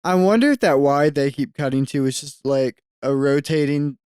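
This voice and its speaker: A man's voice: a little high, moderate pace, darkish tone, smooth, no room sound, studio quality. A man co-hosting a podcast, chatting casually and offhandedly while watching a movie. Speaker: podcast co-host.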